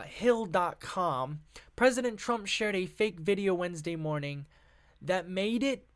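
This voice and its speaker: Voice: medium pitch, no room sound. A podcast host reading news articles aloud and breaking off into profane, laughing, rambling asides.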